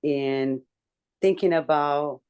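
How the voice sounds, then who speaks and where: A woman in a casual group chat, telling a personal story candidly with swearing and lots of halting restarts. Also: deep voice, darkish tone, smooth. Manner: talks in halting restarts and fillers. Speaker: book club member.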